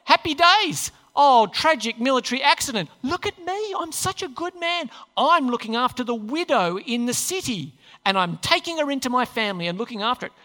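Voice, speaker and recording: Smug, self-justifying old king, lively sing-song delivery, echoing hall, as a preacher puts him on. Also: medium pitch, fairly quick, few pauses. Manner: mocking, sing-song impression. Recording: long hall reverb.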